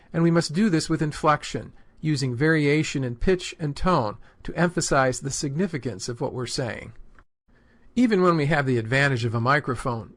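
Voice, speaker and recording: A man giving a scripted, measured lesson on delivering sermons. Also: medium pitch. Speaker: homiletics teacher. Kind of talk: scripted instructional narration.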